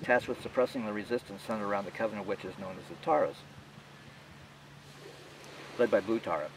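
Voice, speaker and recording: A man's voice: fairly low pitch, fairly quick, recorded from a distance, noisy background. Man reading his novel from afar. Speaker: author. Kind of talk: audiobook narration.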